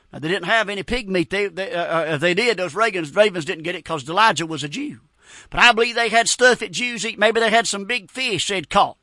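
A man preaching a folksy, storytelling sermon, animated and punctuated with amens. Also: high-pitched, no room sound, clean studio sound.

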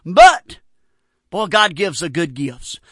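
A male preacher telling stories in a folksy sermon, with a very high, bright voice. He is animated and keeps dropping in amens. The sound is dry and close. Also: fairly quick, no room sound. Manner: folksy, repeats amen, animated storytelling.

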